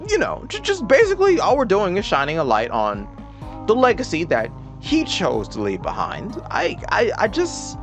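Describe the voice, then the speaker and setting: A man's voice: high-pitched, wildly swooping pitch, moderate pace, soft background music. A man ranting in casual political commentary, sarcastic, profane and exasperated.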